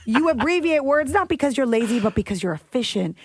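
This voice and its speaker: A woman's voice: high voice, animated, a little fast, slightly rough, dry recording. A woman co-hosting a radio show's podcast, teasing and joking in casual banter. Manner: playful, teasing, laughs often. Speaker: radio co-host.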